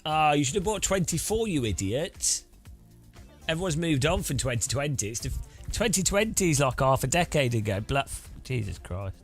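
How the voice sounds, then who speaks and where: A man's voice: medium pitch, sing-song, moderate pace, soft background music. A man hosting a sim-racing livestream, rambling and joking with chat and often laughing. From Britain. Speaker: streamer host.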